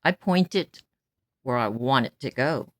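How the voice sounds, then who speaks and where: Blunt and stern, this outspoken woman in her seventies vents in a casual vlog monologue and breaks into laughter between remarks. She has a very deep, expressive voice, speaks a little slowly, and there's no room sound.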